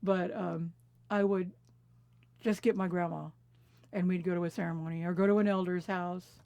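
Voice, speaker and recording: Woman in her 50s from california, mellow warm voice, dry close sound, unhurried storytelling. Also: fairly low pitch, steady tone, creaky, dry recording, muffled recording. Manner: reflective, unhurried, laughs softly between memories. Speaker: interviewee. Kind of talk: personal storytelling conversation. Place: quiet recording booth.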